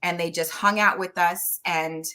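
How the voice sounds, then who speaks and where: A middle-aged woman, a guest on an interview show, chatting loudly and laughing often as she tells stories. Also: on the low side, steady tone, measured pace. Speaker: guest, tarot reader and medium. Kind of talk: casual interview chat.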